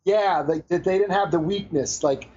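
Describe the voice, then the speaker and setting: A man's voice: high-pitched, moderate pace, warm tone, breathy edge. A man co-hosting a podcast who chimes in casually with lots of fillers. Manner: chiming in, filler-heavy. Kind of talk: casual chat. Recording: dull lo-fi recording.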